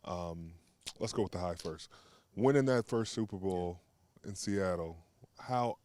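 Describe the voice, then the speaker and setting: Chill guy hosting a podcast, lowish voice, dry sound, quick asides. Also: darkish tone, no echo. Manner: laid-back, short interjections and questions. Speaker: podcast host. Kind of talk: casual podcast interview.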